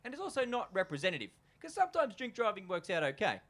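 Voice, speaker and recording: A man's voice: high-pitched, huge pitch swings, fast, fairly bright tone. A young man with an Australian accent doing a loose, chatty stand-up comedy set at a live venue, full of fillers and asides to the crowd.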